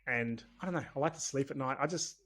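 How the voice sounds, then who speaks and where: A man's voice: medium pitch, quick pace, a bit bright. A man with an Australian accent, talking as a podcast guest in a chatty, candid, rambling way. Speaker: podcast guest, business owner. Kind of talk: casual conversational interview.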